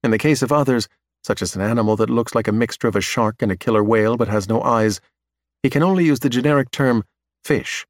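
Steady male audiobook narrator. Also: mid-range voice, quick pace, dry recording, clean studio sound. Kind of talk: scripted narration.

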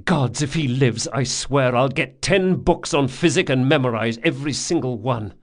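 A gruff, blunt male thief who raises his voice and gets loud when urgent, read by a man close to his own voice. He talks plainly and forcefully. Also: mid-range voice, expressive, moderate pace, lightly acted. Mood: frantic.

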